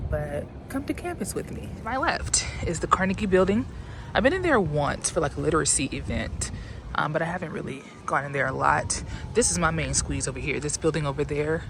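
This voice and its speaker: Walking across campus outside, a young woman in her twenties who is a doctoral student talks casually and cheerfully to her phone camera, a little breathless. She has a low voice, and there's noise in the background.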